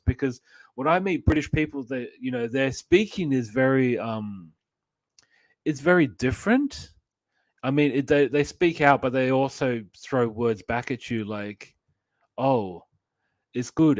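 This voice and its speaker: A man's voice: mid-range voice, normal speed, no echo. Man gushing as a co-host on a close, dry mic. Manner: effusive, gushing praise. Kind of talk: casual pop-culture chat.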